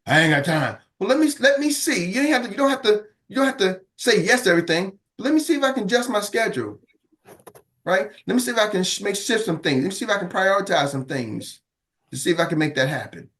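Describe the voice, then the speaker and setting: A man's voice: high-pitched, animated, fast talker, a bit bright. A middle-aged man giving a motivational business talk to an audience, calling out questions and acting out quoted voices. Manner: preacher-like, calls out to the audience; acts out quoted voices of others. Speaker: business coach.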